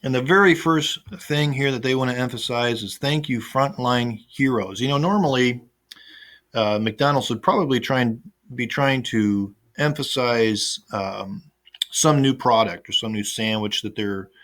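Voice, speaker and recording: A man's voice: medium pitch, unhurried, a bit bright. A man teaching an online class, talking casually over a screen recording with plenty of fillers and restarts. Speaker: instructor.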